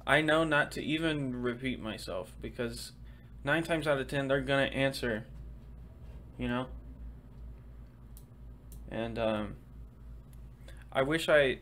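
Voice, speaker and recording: A young man hosting a casual solo podcast, talking fast and swearing casually as he chats. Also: mid-range voice, a bit bright. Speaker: podcast host.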